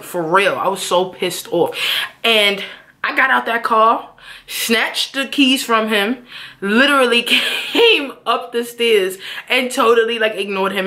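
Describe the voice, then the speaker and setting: A young woman telling a storytime vlog, animated and cursing freely as she acts out what everyone said. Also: medium pitch. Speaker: vlogger. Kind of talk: casual storytime monologue.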